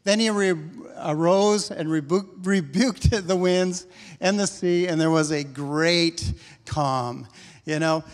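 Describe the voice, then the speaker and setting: A man's voice: on the high side, slow pace, in a large hall. A middle-aged male pastor preaching a sermon in a church, talking conversationally and acting out prayers with rising intensity. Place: church sanctuary.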